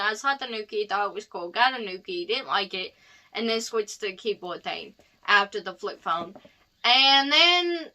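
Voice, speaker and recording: Young woman vlogging, kinda high bright voice, rambly and heartfelt. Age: young adult. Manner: chatty and heartfelt, rambling with asides. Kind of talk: casual storytelling vlog.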